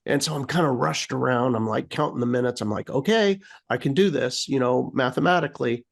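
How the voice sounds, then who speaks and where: This co-host, a man from the United States, has a gravelly, medium-pitched voice and talks fairly quickly. In casual chat he tells a lively story, sounding out beeps and playing up his own exasperation.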